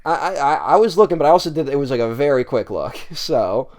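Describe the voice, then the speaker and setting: A man's voice: fairly high pitch, quick pace, darkish tone. Rambling man hosting a movie podcast. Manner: rambling, laughs often, hesitant with ums. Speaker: podcast co-host. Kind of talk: casual movie review chat.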